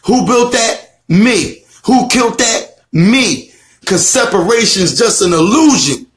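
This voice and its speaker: A man's voice: sits high, expressive, unhurried, a little hiss or hum. A man giving a fiery, profane online lecture, preachy and emphatic, repeating lines and firing off rhetorical questions. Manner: swears a lot, calls out rhetorical questions. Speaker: self-styled teacher presenting his theory.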